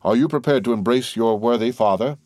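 A man reading aloud who voices a composed, worldly nobleman in a smooth, reassuring, measured manner. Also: mid-range voice, a little mellow, dry recording, studio quality, lightly acted. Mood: assured.

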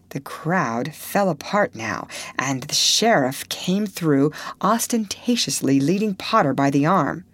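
A woman reading a classic novel aloud in measured, expressive audiobook narration. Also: low-pitched, no echo. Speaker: audiobook reader.

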